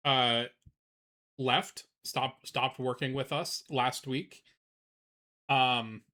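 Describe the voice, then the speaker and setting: A man's voice: medium pitch, a bit bright. A man on a live stream, chatting casually with lots of fillers before reading a children's book aloud. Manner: casual, filler-heavy, unhurried, swears.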